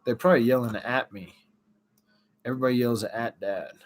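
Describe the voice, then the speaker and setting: A man's voice: mid-range voice, steady tone, a little fast. Chatty man hosting a livestream. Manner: chatty, reacting to viewer comments. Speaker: livestream host. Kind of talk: casual livestream chat.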